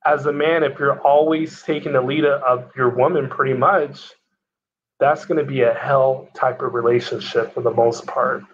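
A man who is a guest on a casual podcast chat, giving his opinions in a measured, matter-of-fact way. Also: mid-range voice, fairly even intonation, muffled recording.

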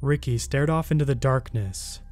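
Brief: male horror narrator, mid-pitched, steady, measured first-person storytelling. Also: soft background music.

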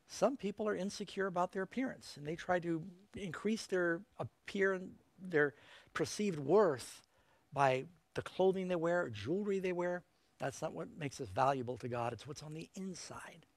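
A man's voice: on the high side, no echo. A middle-aged male preacher giving an evangelistic sermon in a folksy, emphatic way, with joking asides.

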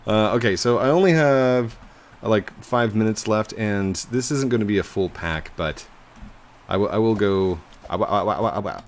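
A man in his thirties, a father, giving casual, chatty commentary over his gameplay. He laughs often and bursts into high, excited yells. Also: a little hiss or hum. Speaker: gaming YouTuber.

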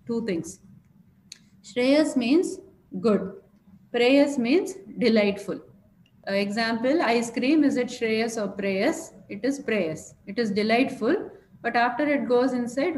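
A woman explaining a scripture word by word in a lecture, pausing often with fillers. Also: on the high side. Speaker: scripture teacher. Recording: echoey room with faint noise.

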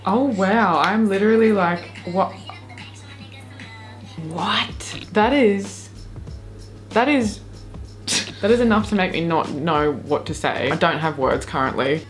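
A woman's voice: fairly low pitch, a little slow, soft background music. Giggly, sweary Australian woman. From far North Queensland, Australia. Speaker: YouTuber reacting to videos. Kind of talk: casual reaction commentary.

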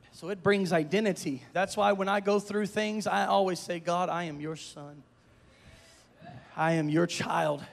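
Male pastor, high-pitched, storytelling sermon that builds to shouts, echoing church hall. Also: gravelly. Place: church sanctuary. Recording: long reverb of a church hall.

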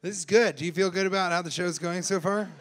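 A man doing improvised stand-up crowd work, teasing people in the audience, laughing often and shouting out punchlines. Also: high voice, fast talker. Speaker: stand-up comedian. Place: live comedy club.

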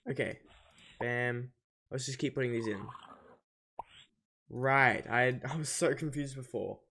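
A gaming channel host with a mid-range, bright, forceful voice talks a little slowly over gameplay, with slight background noise. He's casual and chatty, thinking aloud and getting easily confused.

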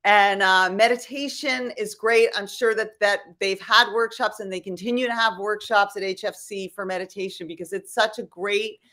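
A woman's voice: mid-range voice, steady tone, normal speed, hardly any pauses, bright, forceful tone. A woman comedian and caregiver sharing tips in a chatty, loose way on a video call. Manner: chatty, loose, with fillers and asides. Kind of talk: casual talk with caregiving tips.

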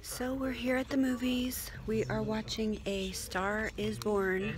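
A woman's voice: a little high, flat delivery, slow. Chatty woman vlogging to a phone. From Canada. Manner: chatty, upbeat, drops to whispers for asides. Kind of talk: casual video diary.

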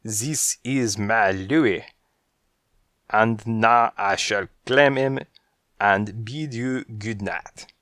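A man doing a refined tomcat who drawls every word with mannered, unhurried precision. The voice sits low and the reading is dry and close. This is a storybook character with a haughty, polished air. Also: a bit bright, no echo. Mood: suave. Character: fussy elegant French tomcat, smooth and slow.

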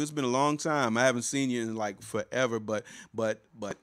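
A man's voice: mid-range voice, a little fast, no room sound, studio quality. A man, a pastor and life coach, talks casually to viewers of a live stream, repeating words and greeting them by name as he goes. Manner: warm, chatty, repeats words and restarts often.

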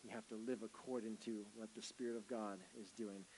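A man preaching a sermon as pastor, swinging from loud, emphatic bursts to hushed, gentle lines. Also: lowish voice, fairly even intonation, brisk, slight background noise, low-quality recording.

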